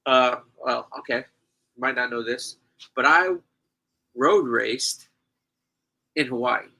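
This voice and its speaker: A man from New York, a podcast guest, telling stories loudly in casual chat. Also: medium pitch, slow, vocal fry, rough recording. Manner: loud, animated storyteller.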